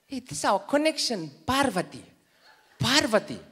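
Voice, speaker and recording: A man voicing his confused eighty-five-year-old grand-auntie fumbling with a phone, calling out in a high, quavering voice. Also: sing-song, moderate pace, a bit bright, husky, heavily acted. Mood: puzzled. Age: 80s.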